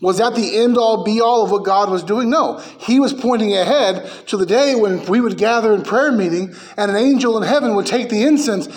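High-voiced man preaching emphatically. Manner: emphatic preaching, rising and falling in pitch and volume. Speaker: pastor. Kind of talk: sermon.

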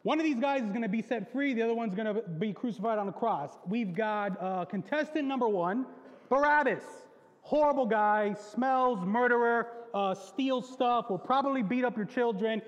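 A man voicing an exasperated Roman governor who talks in modern slang, pitching options like a game-show announcer. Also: normal speed, big-room sound, dull audio. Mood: showman.

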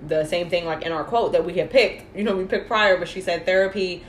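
A young woman with a fairly low voice talks in a relaxed way, nodding along with "mm-hmm" and retelling stories she has heard. Her voice sits in an echoey room with faint ambient noise. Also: a little fast. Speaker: podcast co-host. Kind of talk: casual chat.

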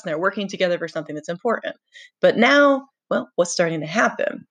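A woman's voice: on the low side, animated, quick pace, a bit bright. Casting note: woman teacher, reads aloud, stops to explain conversationally. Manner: conversational, explains with rhetorical questions. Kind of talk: reading a novel aloud with commentary.

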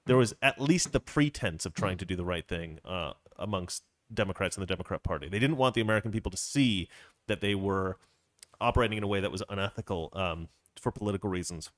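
A man's voice: sits low, fast, no echo, clean studio sound. A man hosting a political live stream, talking casually and rambling with frequent restarts.

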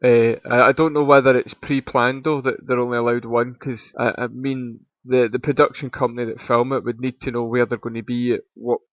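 Male co-host, animated and chatty; dull, dry lo-fi recording. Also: medium pitch, a little fast, few pauses, no echo. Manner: animated, chatty, lots of restarts. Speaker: podcast co-host. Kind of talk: casual chat.

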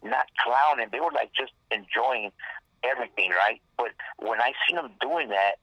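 A man's voice: mid-range voice, moderate pace, pushed and bright, no echo, rough recording. A man, a rapper guest, telling a rambling, profane story in casual talk and acting out the lines people said. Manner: profane, rambling, acts out quoted dialogue.

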